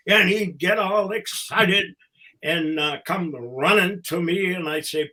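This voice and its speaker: An older man, a former wrestling promoter and ring announcer, telling stories casually as a podcast guest, halting and fond, with pauses between phrases. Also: high-pitched, sharp tone, rough recording. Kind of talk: casual anecdotal storytelling.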